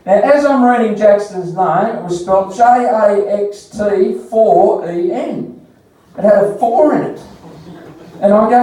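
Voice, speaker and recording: Doing crude stand-up on a comedy bar stage, an Australian man with a high, warm voice tells stories at a measured pace, using mocking voices. The mic is distant and the bar very echoey.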